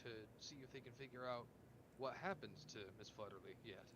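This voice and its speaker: A man playing a tabletop game, asking quick, eager questions. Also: mid-range voice, a bit bright, slight background noise. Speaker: player. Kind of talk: casual tabletop game chat.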